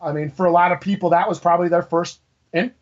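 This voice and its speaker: A man's voice: high-pitched, steady tone, fast, muffled recording. A man co-hosting a podcast in casual chat who laughs often and tells stories with animation. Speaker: podcast co-host.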